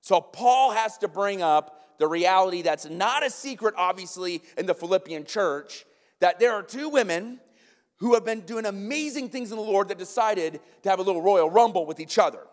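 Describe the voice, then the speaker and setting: High-voiced American preacher in a reverberant hall. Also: male voice, normal speed. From United States. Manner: lively, conversational preaching with frequent "right?" asides. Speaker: pastor. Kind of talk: sermon. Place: church sanctuary. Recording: long hall reverb in a sanctuary.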